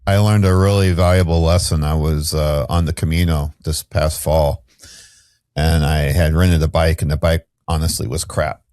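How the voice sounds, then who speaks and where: A man hosts a podcast, his voice very low and recorded close and dry. He tells stories in a casual, candid and blunt manner. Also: level tone, moderate pace, darkish tone, no echo. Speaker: podcast host. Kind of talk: podcast conversation.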